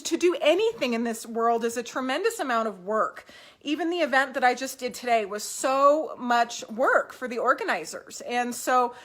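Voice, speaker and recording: A woman's voice: high-pitched, fairly bright tone. A woman talking casually to camera at home about doll collecting, upbeat and encouraging, with fillers and restarts.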